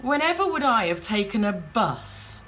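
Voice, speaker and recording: A woman's voice: mid-range voice, very animated, normal speed, a bit bright, slight background noise, pitched above the performer's own voice. A woman voicing an aloof upper-class man who drawls in a superior way.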